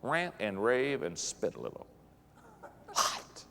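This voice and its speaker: A man voicing God as a stern, calm male voice that speaks quietly, firmly and directly, heard with the long reverb of a large hall. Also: lowish voice, slow pace, gravelly, a little hiss or hum, exaggerated voice. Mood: commanding.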